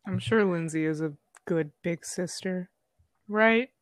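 A woman's voice: on the low side, unhurried, dry recording, clean studio sound. A young woman chatting casually in an easygoing, teasing way. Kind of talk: casual chat.

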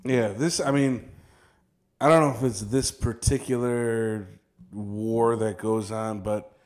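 A man's voice: fairly low pitch, steady tone, darkish tone. A man co-hosting a casual podcast chat, laid-back and swearing often. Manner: slow, laid-back, swears and says "dude" a lot. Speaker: podcast co-host.

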